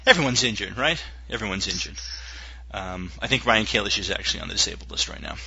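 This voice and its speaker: Excitable stammering man on a lo-fi podcast. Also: lowish voice, fast, creaky, breathy edge. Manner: excitable, loud joking, stammering restarts. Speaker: podcast co-host. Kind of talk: casual chat. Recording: dull lo-fi podcast audio.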